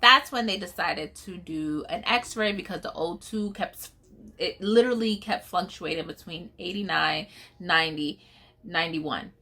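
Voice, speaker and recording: A young woman from New York shares a personal story in a casual vlog. Her voice is bright and forward, and she moves quickly through the events. She acts out each person's lines as she retells the conversations. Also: fairly low pitch, vocal fry, husky. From New York, USA. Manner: animated retelling, acting out dialogue. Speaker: mother telling her son's story.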